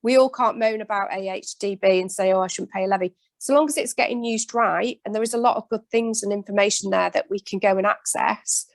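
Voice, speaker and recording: A woman's voice: medium pitch, steady tone, fairly quick, hardly any pauses, dry recording. Earnest woman farmer on a webinar panel. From Britain.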